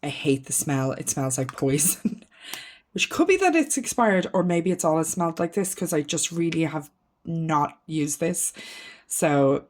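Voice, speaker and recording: Low-voiced woman chatting through a declutter. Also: animated, unhurried. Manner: chatty, thinking aloud, trailing off with ums; frank and self-mocking. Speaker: beauty vlogger. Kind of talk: casual makeup declutter chat.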